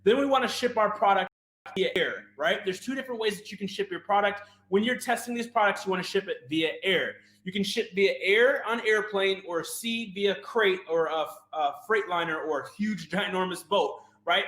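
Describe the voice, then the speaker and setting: A man presenting a sales webinar, fast and hyped, often asking "right?" and talking to "you guys". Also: sits high, fairly bright tone, echoey room.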